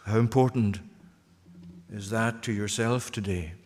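A pastor preaching a sermon, earnest, putting repeated questions to the congregation. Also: male voice, lowish voice, unhurried, darkish tone, in a large hall. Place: church.

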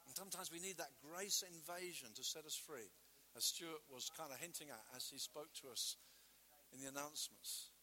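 A man's voice: on the high side, moderate pace, pushed and bright. A man preaching a sermon in an emphatic, conversational way, full of rhetorical questions.

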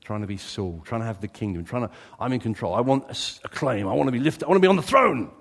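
A man preaching a sermon as a pastor, animated, swinging from loud exclamations to quiet asides. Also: mid-range voice, quick pace. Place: church. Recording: reverberant church hall.

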